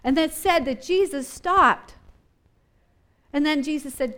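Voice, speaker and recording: A woman with a high voice leads a Bible study in a chatty, thinking-aloud way. She brings each scene to life, acting it out as she goes and asking her listeners questions. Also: takes it slowly. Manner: animated, acts out scenes and voices from the story. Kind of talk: conversational Bible teaching.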